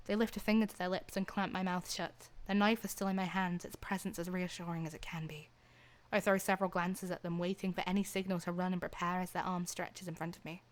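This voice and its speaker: A young woman streamer reading a romance game aloud, gushing and exclaiming between the narration. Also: on the low side. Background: faint game music.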